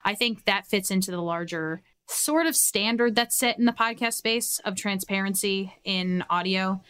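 A woman's voice: medium pitch, moderate pace, fairly bright tone, clean tone. A woman co-hosting a podcast, chatting in a friendly, agreeable way. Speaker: podcast co-host. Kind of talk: casual chat.

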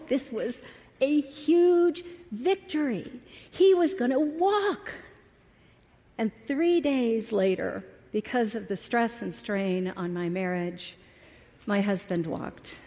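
A woman's voice: mid-range voice, darkish tone. A middle-aged woman telling a personal story to a church congregation, speaking earnestly with emotional emphasis. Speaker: guest speaker at a church service. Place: church sanctuary. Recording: long hall reverb from a church.

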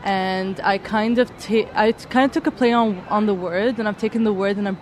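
A woman textile artist answers interview questions outdoors at a design event. She talks hesitantly, with fillers and restarts, and her voice sits at a middle pitch. Faint street noise runs behind her. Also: fairly even intonation, a little fast.

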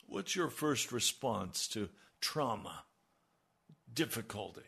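A man preaching a sermon, slow and emphatic, his voice rising on key lines. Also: mid-range voice. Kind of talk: radio sermon.

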